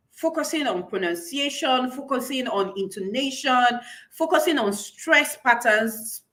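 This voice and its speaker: A woman's voice: on the high side, a bit bright. A woman public speaking coach teaching a live-streamed class, emphatic and repeating key phrases for her followers.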